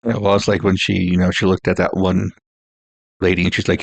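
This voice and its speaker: A man co-hosting a movie podcast, relaxed and easygoing as he tells stories. His voice is deep with a rough, gravelly fry. The recording is dry and close. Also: a little fast, dry recording. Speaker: podcast co-host. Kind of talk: casual movie podcast chat.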